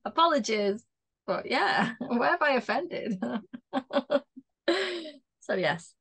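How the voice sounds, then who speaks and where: A woman's voice: on the high side, animated, takes it slowly, a bit bright, breathy edge. A woman co-hosting a podcast in casual chat, jokey and laughing often. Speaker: podcast co-host.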